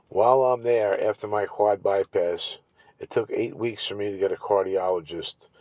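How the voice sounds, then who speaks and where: A man telling his own story to camera, angry and profane, often clearing his throat and repeating himself. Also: lowish voice, fairly even intonation, moderate pace, a little mellow, no echo, poor audio. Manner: bitter and indignant. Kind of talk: angry personal account to camera.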